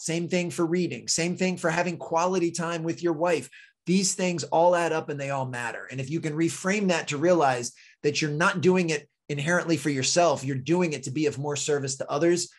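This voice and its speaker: A man speaking as a podcast guest, giving advice in an earnest, measured and encouraging way. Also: a little high. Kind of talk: advice-giving interview talk.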